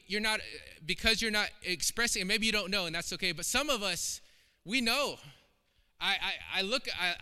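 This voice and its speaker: Impassioned high-voiced man preaching. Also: bright, forceful tone, smooth. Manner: emphatic and impassioned, with repeated phrases. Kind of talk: sermon. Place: church sanctuary. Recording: long hall reverb.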